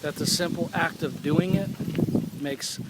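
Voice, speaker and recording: A man in his forties talking earnestly and thoughtfully in a personal video blog, pausing and restarting as he goes. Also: on the high side, heavy background noise. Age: 40s. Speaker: vlogger. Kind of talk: reflective personal vlog monologue.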